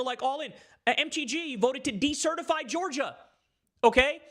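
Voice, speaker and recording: A man's voice: high-pitched, sharp tone. A man in his thirties giving live political commentary, emphatic and swearing freely as he rants. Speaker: political streamer.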